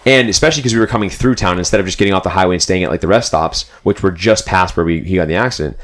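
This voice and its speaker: A deep-voiced young man tells a road trip story at a racing clip, loose and rambling in typical podcast fashion. Animated throughout, he keeps dropping "like" and "dude".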